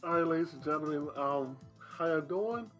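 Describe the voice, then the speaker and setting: A man speedrunning on a livestream, talking casually in a slow, relaxed way with lots of fillers. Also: a little high, faint music behind.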